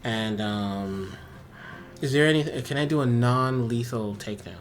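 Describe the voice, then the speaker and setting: A man's voice: mid-range voice, a little slow. A laid-back man plays a tabletop game, talking casually and cursing now and then. He thinks aloud, stops and restarts, with faint music in the background. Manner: laid-back, swears freely, hesitant with fillers. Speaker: player. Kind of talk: casual chat while playing a tabletop game.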